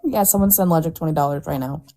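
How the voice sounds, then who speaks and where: A woman on a livestream panel, playful and quick to laugh. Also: low-pitched, warm tone, slight background noise. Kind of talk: casual livestream chat.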